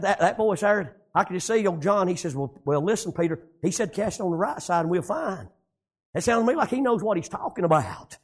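A man preaching a sermon, shouting lines and dropping low, with frequent amens.

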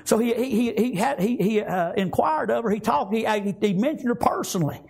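High husky preacher. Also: male voice, brisk, darkish tone. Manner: fervent, repeats amen and praise God often. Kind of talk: sermon.

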